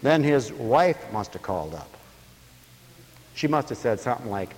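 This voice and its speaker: A man's voice: medium pitch, sing-song, moderate pace, darkish tone, big-room sound. A man preaching a sermon to a radio audience, telling stories and acting out the voices of people in them.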